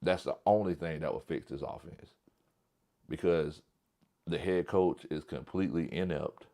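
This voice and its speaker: A man's voice: very deep voice, normal speed, dark tone. A man hosting a casual livestream sports talk show, blunt and emphatic, often repeating his point.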